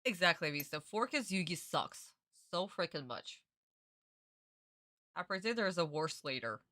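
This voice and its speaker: A woman's voice: lowish voice, animated, moderate pace, sharp tone, no room sound, clean studio sound. A young woman ranting in a casual live-stream reaction, exasperated and swearing freely.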